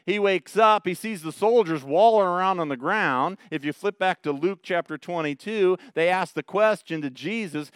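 Guy preaching a sermon, smooth clear voice, dry sound, gets dramatic telling the story. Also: high-pitched, no echo. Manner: animated, dramatic retelling with rising emphasis. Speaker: pastor. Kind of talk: expository sermon.

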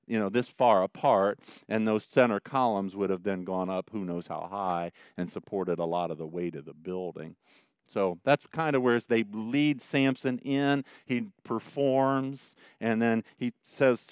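Smooth-voiced pastor preaching. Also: male voice, fairly low pitch, no room sound, studio quality. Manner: conversational, joking asides, explains as he goes. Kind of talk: sermon.

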